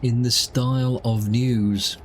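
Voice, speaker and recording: A man's voice: mid-range voice, steady tone, slow, a little hiss or hum. A man giving casual, rambling commentary while streaming a driving game. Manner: rambling, chatty asides.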